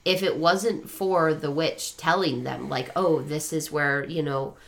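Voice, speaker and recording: A woman's voice: sits low, fairly even intonation, measured pace, a bit bright. A woman co-hosting a podcast, talking through a book in a rambling, self-correcting way. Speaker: podcast co-host. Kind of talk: casual book discussion.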